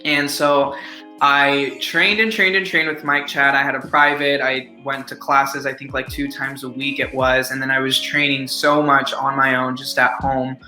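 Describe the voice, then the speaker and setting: Young man, bright forceful voice, rambling storyteller, echoey room, faint music behind. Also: medium pitch, level tone, moderate pace. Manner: rambling, filler-heavy "like", upbeat. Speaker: actor guest. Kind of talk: casual interview storytelling.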